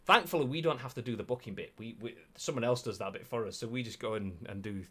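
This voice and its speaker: A man's voice: mid-range voice, fast talker, pushed and bright. A man with a Yorkshire accent co-hosting a gaming news show, chatting casually and reading out viewer comments. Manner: rambling, self-deprecating, lots of filler.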